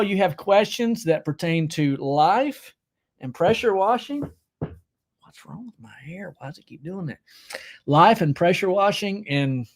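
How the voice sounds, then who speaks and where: Man hosting a livestream from home, slightly high voice, casual and joking. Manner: joking, chummy, reads out viewer comments. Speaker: livestream host.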